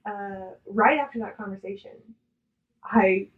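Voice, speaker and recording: A woman co-hosting a podcast, chatting casually and energetically about motivation in quick fragments and retold conversations. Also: mid-range voice, phone-quality sound. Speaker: podcast co-host.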